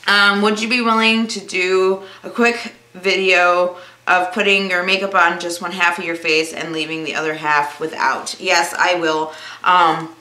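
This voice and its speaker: A woman's voice: fairly low pitch, level tone, a little slow, pushed and bright, echoey room. A young woman answering viewer questions in a casual vlog, rambling and calling herself awkward. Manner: self-described awkward, rambling, laughs easily.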